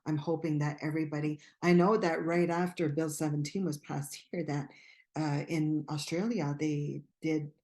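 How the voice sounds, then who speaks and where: A woman from Canada speaks as an interview guest in a lowish, mellow voice. She is earnest and fervent, with occasional halting restarts. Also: fairly even intonation. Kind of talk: personal testimony in interview.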